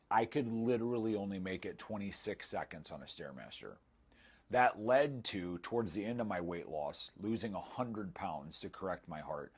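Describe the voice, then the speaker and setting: Man in his thirties, low husky voice, candid testimonial with self-deprecating humor. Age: 30s. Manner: candid, self-mocking, acts out quoted dialogue. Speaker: former client giving a testimonial. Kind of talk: casual storytelling testimonial.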